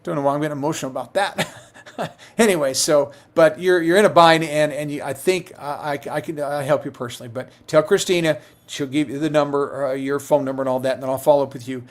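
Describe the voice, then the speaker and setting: A man's voice: a little high, steady tone, fast talker. A middle-aged man who works as a Medicare insurance agent, answering viewer questions on a live stream in a conversational way, with many fillers and restarts.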